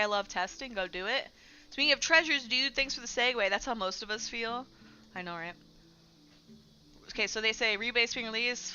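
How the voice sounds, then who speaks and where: A woman's voice: mid-range voice, bright, forceful tone, muffled recording. A woman streamer hosting a casual livestream and chatting bluntly with her chat, swearing freely as she goes. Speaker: streamer host.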